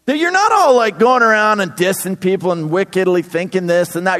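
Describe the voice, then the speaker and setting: A man in his thirties preaching a sermon in a church, energetic, with sudden loud bursts. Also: sits high, moderate pace. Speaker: pastor. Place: church sanctuary. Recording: long hall reverb.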